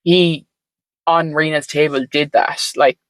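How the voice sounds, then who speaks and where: Here a woman with a deep voice and fairly even intonation speaks unhurriedly as a podcast guest. Reflective and wandering, she fills her conversational storytelling with "like" and "um"; the sound is dry, with no room sound and poor audio.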